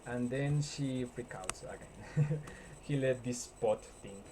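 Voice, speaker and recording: A man casually retelling a film scene, halting often with fillers and restarts. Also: medium pitch, dark tone, slight background noise, low-quality recording. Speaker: storyteller.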